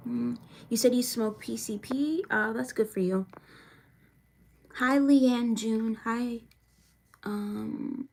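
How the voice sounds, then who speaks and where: A woman's voice: on the high side, takes it slowly, gravelly, pauses often, a little mellow. A young woman from Florida chatting casually on a live stream, reading viewer comments aloud and venting frankly with plenty of swearing. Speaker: livestreamer answering chat.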